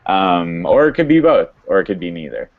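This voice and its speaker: A man hosting a podcast, casually recapping a TV episode in a halting way with many fillers and restarts. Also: low voice, sing-song. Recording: dull lo-fi sound.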